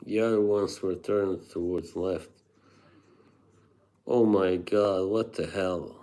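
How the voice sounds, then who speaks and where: A man's voice: deep voice, fairly even intonation, takes it slowly, dark tone. A man live streaming, chatting casually with viewers, rambling, laughing often and reading chat aloud.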